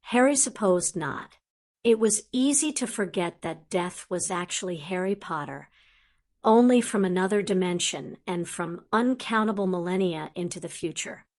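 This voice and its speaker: A woman narrating a fantasy audiobook in an even storytelling manner. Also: medium pitch, measured pace. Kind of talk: scripted fiction narration.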